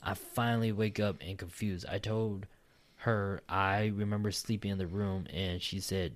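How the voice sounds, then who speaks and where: Man, lowish voice, casual podcast talk, frequent laughs, slangy, reads a ghost story aloud. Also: steady tone, moderate pace. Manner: laughs often, swears, says "dude" a lot. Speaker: podcast co-host reading a listener story. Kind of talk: casual chat and story reading.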